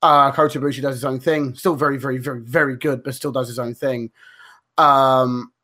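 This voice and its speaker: A man's voice: medium pitch, steady tone, brisk, sharp tone. A man co-hosting a podcast, rambling through a story in casual chat with lots of fillers, restarts and swearing. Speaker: podcast co-host.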